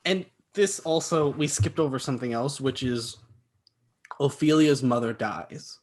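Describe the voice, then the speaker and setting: A young man co-hosting a podcast, calmly recapping film scenes in a matter-of-fact way. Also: medium pitch, unhurried. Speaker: podcast co-host. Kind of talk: casual film review chat.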